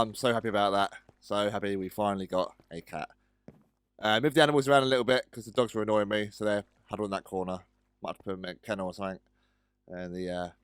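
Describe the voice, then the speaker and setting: With a lowish, clear and resonant voice and no echo, a man hosts a gaming video about a building game. He chats casually, hesitates with lots of ums, and frequently addresses his in-game pets.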